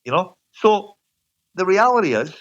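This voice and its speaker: A man talks football as a guest in a slightly high voice. He is opinionated and casual, restarting his sentences and leaning on "you know" and "mate." The sound is dull and lo-fi. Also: big pitch swings, normal speed, a bit bright. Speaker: guest pundit. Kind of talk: casual sports radio chat.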